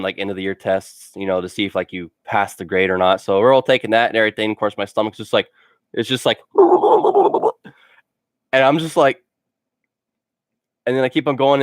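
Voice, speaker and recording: A man's voice: on the low side, clean tone, dry recording, studio quality. Rambling man telling funny stories. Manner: rambling, full of "like" fillers; laughs at his own stories. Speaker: gaming channel host. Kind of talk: casual storytelling vlog.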